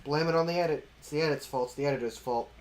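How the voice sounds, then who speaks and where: A man's voice: fairly high pitch, very fast, slight background noise. Swearing, joking American co-host man. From United States. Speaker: podcast co-host. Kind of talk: casual reaction chat.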